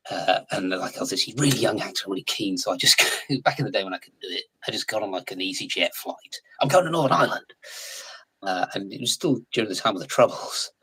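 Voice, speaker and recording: An English man in his forties, a guest in a casual live chat, talking in a chatty, animated way and laughing often. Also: deep voice, quick pace, hardly any pauses, husky, rough recording. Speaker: guest actor.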